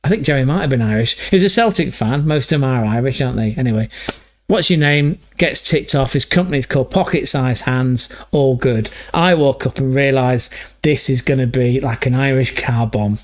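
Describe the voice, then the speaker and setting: A man's voice: medium pitch, brisk. A man from England hosting a livestream, rambling through stories in a loose, sweary, casual chat. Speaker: livestream host.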